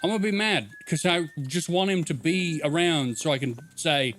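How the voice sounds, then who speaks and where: A man commenting on his own gameplay in an animated, joking way, swearing freely and shouting at characters. His voice is fairly high and very bright, with faint music playing behind. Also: normal speed. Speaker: gaming streamer. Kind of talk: casual let's-play commentary.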